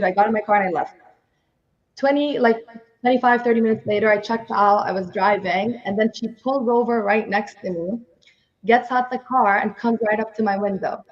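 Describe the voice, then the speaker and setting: A woman's voice: medium pitch, moderate pace. A woman with a foreign accent, co-hosting a podcast and telling a story in casual chat with laughs. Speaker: podcast co-host. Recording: dull lo-fi sound.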